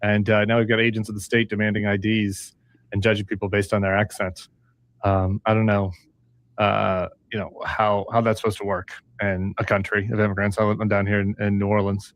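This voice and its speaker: Guy w a lowish voice commenting on clips, lots of uhs and ums, earnest, over a video call. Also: monotone. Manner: earnest, halting with many fillers. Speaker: co-host presenting news clips. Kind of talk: livestream commentary.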